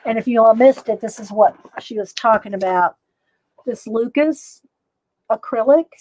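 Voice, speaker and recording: A woman's voice: a little high, moderate pace, a little mellow, no room sound, low-quality recording. A woman chatting casually to viewers while painting in a live art demo. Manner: chatty, laughs often, talks to viewers.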